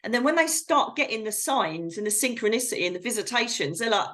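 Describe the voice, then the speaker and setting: A woman's voice: a little high, sing-song, fairly quick, few pauses, a bit bright. A middle-aged woman speaking over a video call as a psychic medium guest, talking bluntly and with animation and frank slang. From Britain. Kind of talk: casual interview chat.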